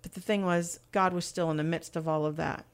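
A woman's voice: on the low side, fairly even intonation, a little fast, smooth. A woman telling her personal faith testimony as an interview guest, earnest and candid.

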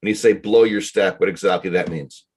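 A man's voice: deep voice, normal speed, a little mellow, husky. A man co-hosting a casual chat, chummy and encouraging, egging his partner on. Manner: chummy, encouraging, laughs along. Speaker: podcast co-host, coach.

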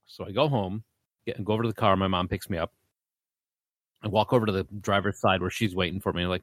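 A man with a lowish voice telling a story in a casual podcast chat. He jumps up high to act out quoted people, and the recording is close and dry. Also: fairly quick, pauses often, no echo. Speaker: podcast co-host.

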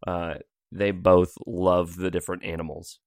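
Deep-voiced man chatting, laughing often. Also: flat delivery, normal speed, creaky, dry recording, studio quality. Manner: laughs often, rambling asides. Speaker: podcast co-host. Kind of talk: casual podcast chat. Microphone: pop filter mic.

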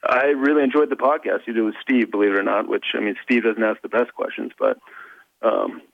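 Low-voiced male caller on a dull line. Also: fairly even intonation, gravelly, dry recording. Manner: halting, many fillers and restarts. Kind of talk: casual call-in chat.

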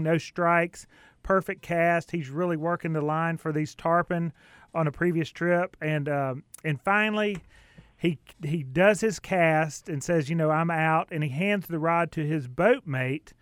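A Southern radio host talks in a chatty, storytelling way, his voice fairly high and very dry, close to a studio mic. He sounds enthusiastic and keeps the talk moving. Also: clear, resonant tone, dry recording. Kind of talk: radio interview.

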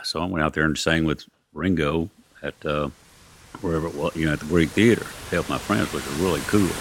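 This male musician tells anecdotes in a casual, rambling style, acting out what people said and saying "you know" a lot. His voice rumbles low with fairly even intonation, and he talks fast.

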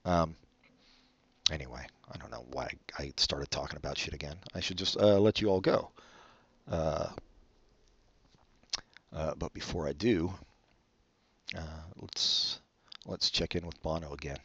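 Low-voiced, mumbling, self-deprecating man. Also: unhurried, long pauses, fairly bright tone, husky, no echo, dull audio. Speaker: podcast co-host. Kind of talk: rambling solo podcast chat.

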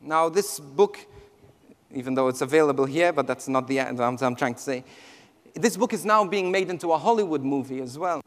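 A man, a priest, telling a personal testimony with emotional storytelling that swings from hushed to near shouting. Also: a little high, a little fast. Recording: long hall reverb.

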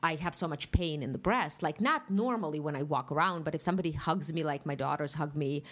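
Brief: middle-aged woman guest, lowish voice, lively candid storyteller who voices other people. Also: fairly quick. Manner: animated storytelling, acts out quoted voices, laughs often. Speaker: guest, author. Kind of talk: candid interview talk.

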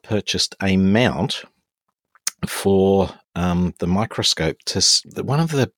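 A man co-hosting a casual chat, halting and teasing in his banter. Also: sits low, lively intonation, fairly bright tone, no echo, studio quality. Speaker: podcast co-host.

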